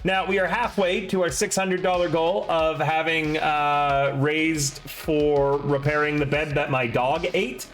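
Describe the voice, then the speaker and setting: A man's voice: a little high, little pitch movement, a little slow, few pauses, a bit bright, faint music behind. A young man streaming, chatting casually and rambling with self-deprecating asides before running a tabletop game.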